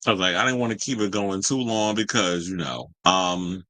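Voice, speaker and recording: A man hosting a celebrity gossip show, talking in a sassy, animated way with slangy asides. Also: sits low, normal speed, no echo, poor audio. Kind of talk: casual gossip commentary. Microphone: home streaming mic.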